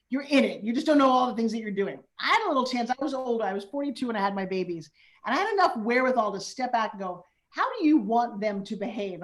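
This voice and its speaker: Woman host in her 50s, chatty and animated, acts out little quotes, kinda high voice. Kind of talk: casual chat.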